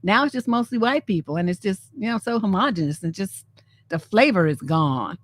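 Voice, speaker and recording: A woman from San Francisco hosting a live stream, giving casual, animated commentary on memes and often acting out the lines she quotes. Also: mid-range voice, a little fast. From San Francisco, USA.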